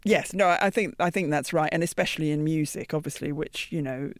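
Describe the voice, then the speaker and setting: A British woman in her fifties, a singer answering interview questions in a deep, thoughtful, soft-spoken way. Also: fairly quick, dry recording, studio quality. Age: 50s. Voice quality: deep, gravelly. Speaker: guest singer.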